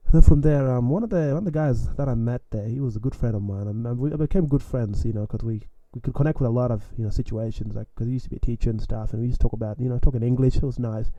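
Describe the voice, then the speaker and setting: Young man for a casual storytime, very dark warm tone, dry close sound, animated with chuckles. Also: medium pitch, very fast, hardly any pauses, no echo, highs cut off.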